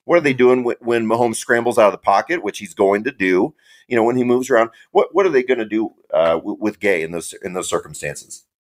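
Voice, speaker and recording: A man from Kansas City, a guest on a sports podcast, telling a story in an animated way. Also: fairly low pitch, brisk. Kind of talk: casual sports podcast chat.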